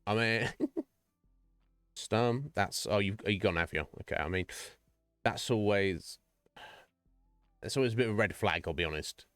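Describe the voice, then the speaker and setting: A man's voice: lowish voice, unhurried, pauses often, fairly bright tone, smooth, dry recording, clean studio sound, faint music behind. A man casually chatting on a live stream, ranting animatedly, swearing and acting out little voices.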